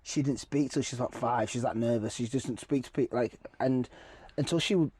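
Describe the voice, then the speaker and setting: Young guy chatting away as a guest, lively stories, lots of yeah yeah yeah. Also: mid-range voice, a little fast, husky. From Cumbria, England. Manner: animated storytelling, lots of yeah yeah yeah. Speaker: guest, actor and singer. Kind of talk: casual chat.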